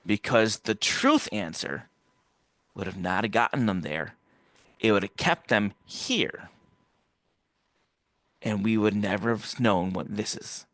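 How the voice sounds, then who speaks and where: Male interview guest with a bright, forceful voice on a dry close mic; rambles through his story and acts out the voices he quotes. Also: lowish voice, slow pace, pauses often, no echo. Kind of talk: casual personal storytelling.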